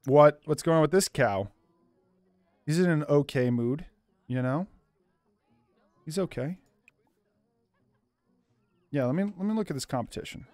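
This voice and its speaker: Young male let's-player, upbeat and playful, lively pitch, dry close-mic sound. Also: a little slow, long pauses, dry recording. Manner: goofy, self-described loopy, jokey asides to the viewers. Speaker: gaming YouTuber. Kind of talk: let's play commentary.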